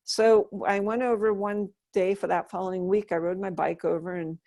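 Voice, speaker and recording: A middle-aged American woman who is a Buddhist nun recounts her life story in an interview, speaking earnestly and softly and often starting her sentences over. Her voice sits at a medium pitch with fairly even intonation and a normal speed, and the studio-quality recording has no echo.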